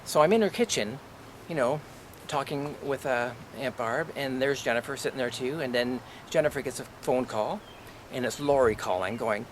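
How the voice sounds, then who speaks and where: Male vlogger, mid pitch, profane and indignant, ranting to camera. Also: normal speed, a little hiss or hum. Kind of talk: angry personal rant to camera.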